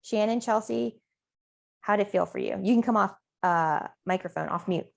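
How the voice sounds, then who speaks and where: A woman's voice: mid-range voice, normal speed, creaky. A woman, a parent coach, leading a coaching discussion with questions and role-play over a video call.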